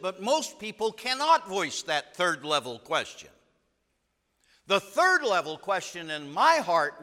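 Male preacher, sermon, bright tone, slightly high voice, emphatic storytelling, long hall reverb. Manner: storytelling, emphatic with dramatic pauses.

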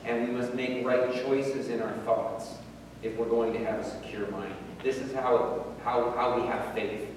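A man's voice: medium pitch, a little hiss or hum. A middle-aged man preaching a sermon as pastor, earnest and repeating words for emphasis. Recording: echoey hall, heard from far off.

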